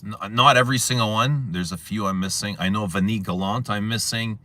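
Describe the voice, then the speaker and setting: A low-voiced man hosts a casual livestream and chats to viewers in a relaxed way. His deep tone has a bright, forceful edge. He tells stories with lively retellings. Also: moderate pace, hardly any pauses, dry recording. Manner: chatty, storytelling, animated retelling. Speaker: livestream host.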